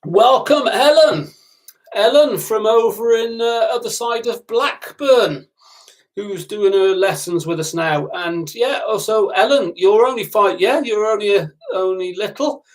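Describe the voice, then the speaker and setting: A man's voice: sits high, measured pace, poor audio. A middle-aged man with a southern English accent, chatting casually on a live stream and answering viewers by name as a motorcycle instructor. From southern England. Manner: chatty, addresses viewers by name, lots of ums.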